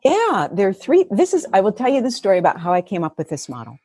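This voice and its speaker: A woman therapist, a guest on an interview podcast, telling stories in an animated way and laughing often. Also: medium pitch, fast, slightly rough, no echo. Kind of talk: conversational storytelling.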